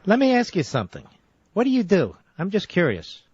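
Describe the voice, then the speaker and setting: A male talk radio host with a high voice who lectures and keeps interrupting. The sound is dull and lo-fi, and the booth is dry and close. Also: huge pitch swings, brisk, a little mellow, husky, no room sound. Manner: lecturing, insistent, cuts the caller off. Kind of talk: combative call-in radio debate.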